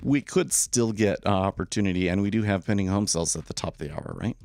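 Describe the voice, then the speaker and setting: Gravelly-voiced man giving trading commentary. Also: on the low side, fast, darkish tone, soft background music. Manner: casual, opinionated, repeats words when starting sentences. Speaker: day trader streaming live.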